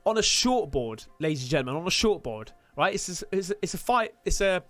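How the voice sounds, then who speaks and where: A man streamer telling a story to his viewers in an excitable way, swearing freely and talking straight to the audience. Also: high voice, a little fast, dry recording, faint music behind. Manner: excitable, swears a lot, addresses viewers directly. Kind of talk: animated storytelling to a live stream.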